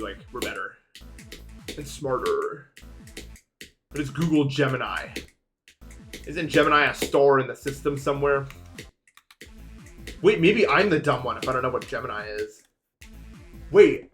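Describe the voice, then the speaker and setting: A young man streaming, chatting casually with viewers in a rambling, animated way. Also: medium pitch. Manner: rambling, animated, swings into shouting.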